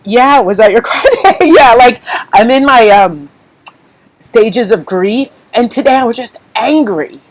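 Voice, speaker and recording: A woman's voice: fairly high pitch, animated, unhurried, rough recording. A woman hosting a live craft stream, talking candidly and emotionally to viewers in a rambling, unscripted way while holding back tears. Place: at home.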